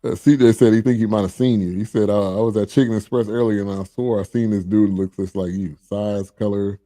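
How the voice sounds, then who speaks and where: A man hosting a podcast, agreeing often and explaining in a steady, casual way. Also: fairly low pitch, fairly quick, dry recording. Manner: agreeable, steady explaining with frequent "right" and fillers. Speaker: podcast host. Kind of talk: casual chat.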